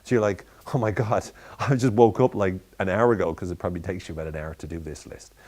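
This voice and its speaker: Man giving playful mock self-help advice. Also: fast. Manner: animated, voices and pitch jumps in quoted asides. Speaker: self-development speaker. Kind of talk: tongue-in-cheek motivational talk.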